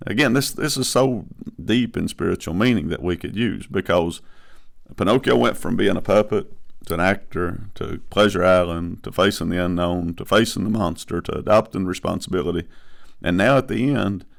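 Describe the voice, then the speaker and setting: A man's voice: low voice, normal speed, vocal fry. A man preaching a sermon, impassioned and emphatic, often restarting his phrases as he builds to a point. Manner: impassioned, rising to emphatic bursts, frequent restarts.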